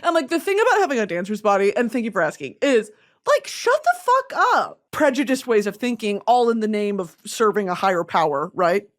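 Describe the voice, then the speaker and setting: A woman hosting a casual chat show, talking in an animated, profane way and laughing often. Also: medium pitch, fast talker, hardly any pauses. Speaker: podcast host.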